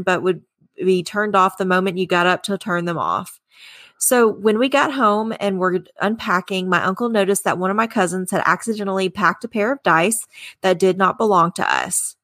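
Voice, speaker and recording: A woman's voice: medium pitch, a bit bright, no room sound, studio quality. A woman co-hosting a casual podcast, reading listener stories and chatting, laughing often and swearing casually. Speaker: podcast co-host.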